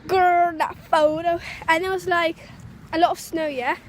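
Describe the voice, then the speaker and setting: A woman's voice: extremely high pitch, fairly even intonation, a little slow, a little hiss or hum. A woman vlogging casually from a park into a handheld phone, chatty and rambling with lots of fillers. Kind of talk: casual vlog chat. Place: outdoors in a park.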